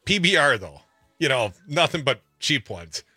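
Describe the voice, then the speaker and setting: A man's voice: medium pitch, very animated, normal speed, bright, forceful tone, dry recording, soft background music. A man hosting a radio talk show, bantering and playfully ribbing a regular caller. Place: radio studio.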